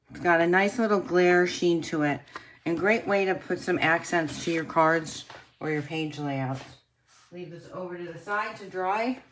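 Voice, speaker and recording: Slow-talking woman demonstrating crafts. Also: mid-range voice, slight background noise. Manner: chatty, addresses viewers as guys, frequent throat clearing. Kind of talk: casual tutorial demonstration.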